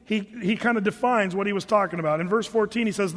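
A man preaching a casual, joking sermon, reading scripture slowly between everyday asides. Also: high voice, a bit bright, big-room sound. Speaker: pastor.

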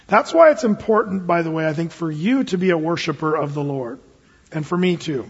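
A man's voice: a little high, animated, fairly quick, breathy edge. Earnest male pastor preaching in a hall. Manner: earnest preaching with reflective asides and scripture reading. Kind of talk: sermon. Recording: dull sound with long hall reverb.

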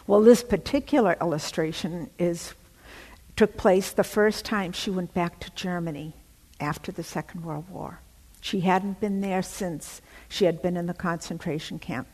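A woman preaching and telling a story, her breathy voice dramatic and often sinking to a near whisper. She speaks slowly, and her words ring out with a long reverb, as if in a large hall. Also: fairly low pitch, a little mellow. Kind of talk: sermon storytelling.

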